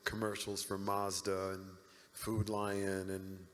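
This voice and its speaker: A middle-aged man, a guest at a convention panel, telling animated stories and acting out the people in them. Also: sits low, slow pace. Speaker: interview guest. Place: large convention hall. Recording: reverberant hall.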